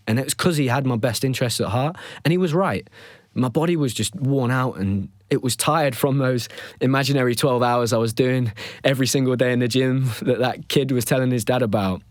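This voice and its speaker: A man in his thirties telling a personal story as a podcast host, reflective and emotional, often pausing and restarting his sentences. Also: medium pitch, no room sound, studio quality. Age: 30s.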